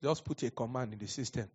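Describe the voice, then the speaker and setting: A man with a Nigerian accent preaching a sermon, telling animated stories and laughing often. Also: mid-range voice, fairly quick, husky. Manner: animated storyteller, laughs often, acts out quotes. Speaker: pastor. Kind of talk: sermon with storytelling. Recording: dull lo-fi sound.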